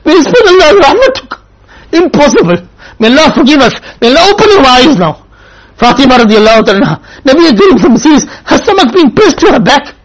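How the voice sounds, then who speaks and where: A woman with a high voice delivers an earnest religious sermon, telling a story and mixing Arabic and Urdu religious terms into her speech. Her delivery is emotional and at times close to tears. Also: sing-song, fast talker, rough recording. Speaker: religious speaker.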